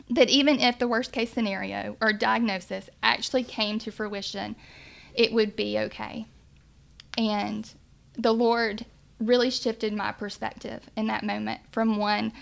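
Earnest mother with a gravelly edge. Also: mid-range voice. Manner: earnest, emotional, faith-filled. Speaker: mother sharing a testimony. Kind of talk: personal testimony storytelling.

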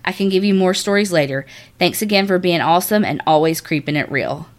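A lower-pitched woman hosting a chatty podcast. She reads a listener's spooky story, then slides into animated, laughing banter. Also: fairly quick. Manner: animated, swears, laughs often. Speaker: podcast co-host. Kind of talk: casual chat and reading a listener story.

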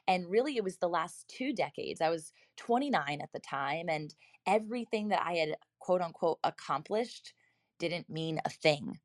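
A woman's voice: lowish voice, expressive, normal speed, no room sound, studio quality. A woman in her thirties telling a personal story in an earnest, reflective way, speaking directly to her listeners.

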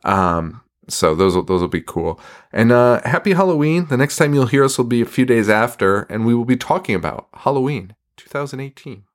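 Animated, profane man on a podcast. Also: mid-range voice, fairly quick. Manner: profane, sarcastic, laughs often. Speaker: podcast co-host. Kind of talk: casual chat.

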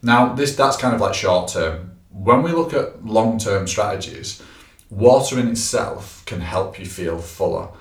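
With a fairly low, unhurried voice, this man is a personal trainer and podcast co-host who casually chats and gives tips, leaning on plenty of fillers. The audio is echoey, and he's somewhat distant from the microphone.

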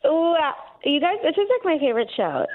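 A woman's voice: sits high, big pitch swings, normal speed. A woman calling into a radio show, chatty and blunt, full of "like" fillers. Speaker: caller. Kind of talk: radio call-in. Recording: tinny phone line.

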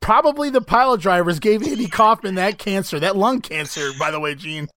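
A man hosting a wrestling history podcast, animated and incredulous, often laughing as he talks. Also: high-pitched, a little fast, no echo, studio quality. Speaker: podcast host. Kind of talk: casual podcast commentary.

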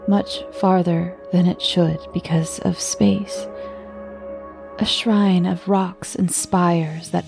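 A woman giving a scripted story narration in a hushed, often half-whispered voice, with music playing behind her. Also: fairly low pitch, creaky.

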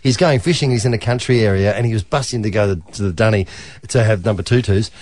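A man's voice: lowish voice, fast talker, darkish tone, no room sound, studio quality. An Australian man, a guest on a talk show, telling a laughing anecdote in casual chat.

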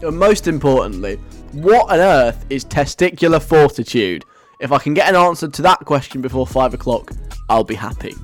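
A man's voice: mid-range voice, big pitch swings, normal speed, hardly any pauses, faint music behind. A man hosting a radio show in a playful, rambling way, chuckling as he goes. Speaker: radio host. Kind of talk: casual radio chat.

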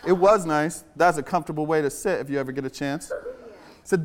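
A man visiting a school assembly as a children's author tells the kids an adventure story in a playful, animated way. His voice is a little high and a little fast.

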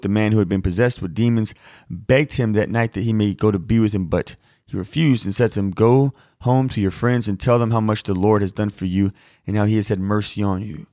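Guy in his 30s, low voice, reads the bible then riffs on it casually, dry close sound. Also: a little mellow, no echo. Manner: chatty and informal, with fillers like "like" and "y'all". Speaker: Bible teacher answering a viewer question. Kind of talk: Bible reading and casual teaching.

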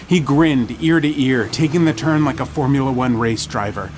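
A male podcast host giving measured, dramatic narration of a scary story. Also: mid-range voice, noisy background. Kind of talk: scripted horror story narration.

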